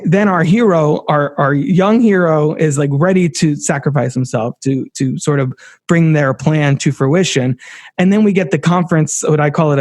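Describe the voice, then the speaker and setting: A man with a fairly high voice recaps a film on a podcast, eager and openly moved by it. His voice sits close and dry. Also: a little mellow, no echo. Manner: enthusiastic, emotional retelling, light laughs. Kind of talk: casual film discussion.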